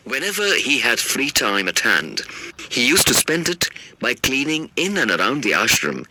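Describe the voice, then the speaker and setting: A man's voice: on the low side, pushed and bright, a little hiss or hum, poor audio. A man reading a textbook passage aloud in careful scripted narration.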